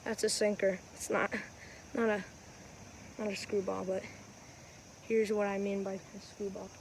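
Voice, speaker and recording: A woman's voice: medium pitch, little pitch movement, measured pace, darkish tone, rough recording. A woman hosting a casual how-to vlog outdoors on a windy day, rambling and correcting herself as she explains, recorded on a phone. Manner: rambling, chatty, self-correcting. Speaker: wiffleball player and channel host. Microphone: phone camera.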